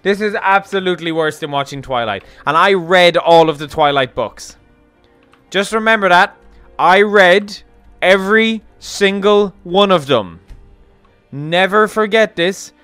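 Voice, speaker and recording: A man's voice: sits high, unhurried, fairly bright tone, clean tone, no echo, soft background music. A man giving casual, sarcastic game commentary, rambling and joking as he plays. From Ireland. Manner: rambling, sarcastic, jokey ranting. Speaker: gaming streamer. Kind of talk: casual let's play commentary.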